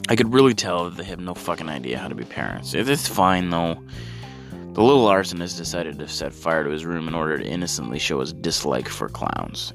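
Low-voiced guy ranting about a movie, swears a lot, voice swings all over, bit of music in the back. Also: sing-song, normal speed, fairly bright tone. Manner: sarcastic, crude, ranting. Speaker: comedic movie reviewer. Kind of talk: profane comedic movie riff.

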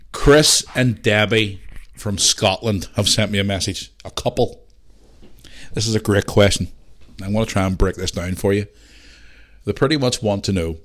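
A Northern Irish man in his thirties hosting a podcast, telling rambling stories in casual chat and swearing freely. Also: lowish voice. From Northern Ireland. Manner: swears a lot, rambling storytelling. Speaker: podcast host.

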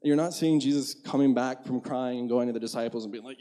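Man, young adult, pastor, casual sermon, conversational, dark mellow tone. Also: medium pitch, fairly quick, hardly any pauses. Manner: conversational, frequent "like" fillers, laughs at himself.

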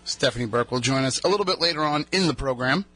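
A man's voice: mid-range voice, fast, bright, forceful tone, soft background music. A man hosting a radio show, telling rambling stories in casual banter, his voice just back from being lost. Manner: chatty, rambling storyteller. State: recovering from a lost voice.

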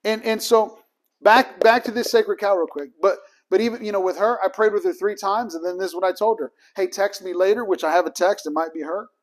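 A man's voice: sits high, steady tone, brisk. A man teaching a ministry training group in a casual, emphatic way, acting out both sides of the conversations in his stories.

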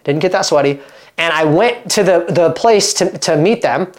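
Man, 30s, from Oregon, fitness coach, casual to-camera chat, animated and emphatic, filler-heavy. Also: on the high side, normal speed. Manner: animated and emphatic, acts out quoted dialogue; chatty, full of "like" fillers and restarts.

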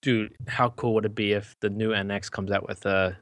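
A man's voice: lowish voice, flat delivery, normal speed, fairly bright tone, no room sound. A young man joking casually on a podcast, chatty and full of "like" fillers.

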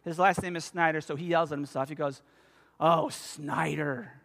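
A man in his fifties preaching a sermon as a pastor, telling stories with animated emphasis. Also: a little high, fast talker. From United States. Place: church sanctuary. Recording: long reverb of a church hall.

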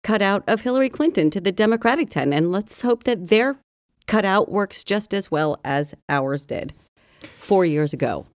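A woman's voice: medium pitch, expressive, moderate pace, no room sound. A woman co-hosting a podcast in casual chat, dry, skeptical and matter-of-fact. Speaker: podcast co-host.

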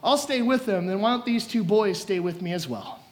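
A man voicing a treacherous man who pretends kindness, speaking low and persuasively. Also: moderate pace, natural voice.

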